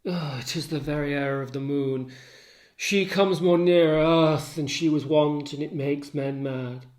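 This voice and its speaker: A man reading the part of a tormented, jealous general, declaiming verse and swinging between hushed and loud lines. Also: fairly high pitch, fairly even intonation, unhurried, close to an everyday voice. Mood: anguished. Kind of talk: dramatic reading of a play.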